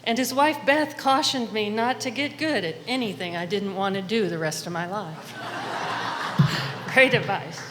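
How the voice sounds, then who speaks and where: A woman's voice: mid-range voice, moderate pace, a little hiss or hum. A woman in her sixties accepting an honor at a podium, thankful and lightly amused. Her voice rings through a large hall with long reverb and faint ambience. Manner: warm, grateful, lightly amused. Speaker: award honoree. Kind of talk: acceptance speech.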